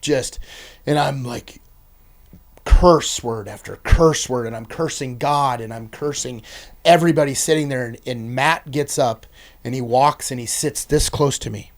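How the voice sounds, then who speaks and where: A man, a podcast guest, telling his personal testimony in an earnest, intense way, swinging between loud bursts and hushed passages. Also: medium pitch, measured pace.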